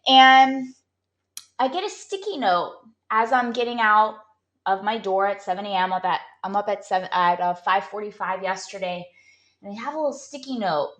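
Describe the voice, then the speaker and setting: Chatty woman coach telling a story, bright sharp voice, lots of like-fillers, echoey room. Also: mid-range voice. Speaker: performance coach. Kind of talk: casual motivational talk.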